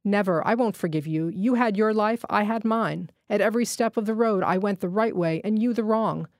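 A woman's voice: mid-range voice, normal speed, darkish tone, no room sound, studio quality, natural voice. A woman voicing a bitter, unforgiving wounded man. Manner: hard and indignant. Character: proud wounded male electrician, bitter and unforgiving. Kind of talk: literary reading.

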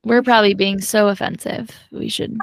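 A woman's voice: mid-range voice, fairly even intonation, moderate pace, vocal fry, no echo. A woman co-hosting a podcast in casual, jokey chat, dropping in foreign words. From United States. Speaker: podcast co-host.

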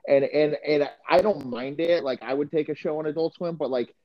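A man's voice: fairly high pitch, a little fast, dull audio. A man, a podcast co-host and former football coach, telling crude stories in casual chat with many restarts.

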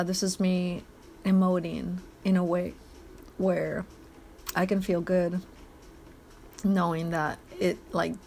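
A woman's voice: on the low side, gravelly, darkish tone, a little hiss or hum. A woman hosting a solo podcast, rambling bluntly and swearing a lot as she eats. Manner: eating while talking. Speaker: podcast host.

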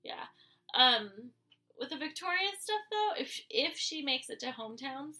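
Sick, bright-voiced woman podcaster. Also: sits high, sing-song, unhurried. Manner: opinionated, speculates earnestly. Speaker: podcast co-host. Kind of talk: casual chat about a reality TV show.

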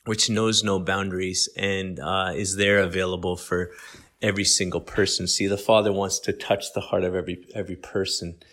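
Low-voiced man teaching casually. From Canada. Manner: relaxed, conversational, many fillers and restarts. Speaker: guest speaker. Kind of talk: podcast teaching.

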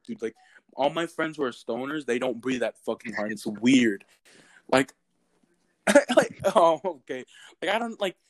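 A young man telling stories in a loose, casual chat. He is animated and swears a lot, with a mid-range voice that jumps into loud outbursts. The sound is close and dry, with no room echo. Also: mid-range voice. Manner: animated, profane, bursts of loud exclamation.

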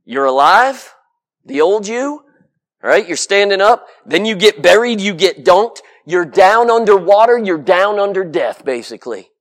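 High-voiced man preaching a fervent sermon. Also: expressive, a little slow, fairly bright tone. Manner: emphatic, with rhetorical questions and repeated lists; folksy and direct with the congregation.

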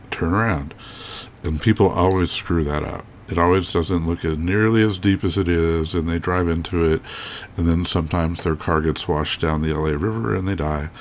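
A man with a very low voice co-hosts a podcast, chatting casually and rambling from point to point. He jokes and restarts his sentences often, and a faint hiss sits under the recording. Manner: rambling, joking, many restarts. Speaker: podcast co-host. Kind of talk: casual chat.

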